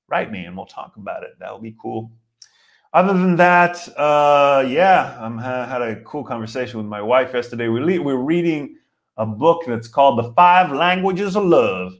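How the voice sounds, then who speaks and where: A man in his forties hosting a live comedy podcast, ranting in a rambling way with lots of restarts and acted-out quotes. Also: mid-range voice. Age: 40s. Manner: rambling, frequent restarts and fillers, acts out quotes. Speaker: comedian host.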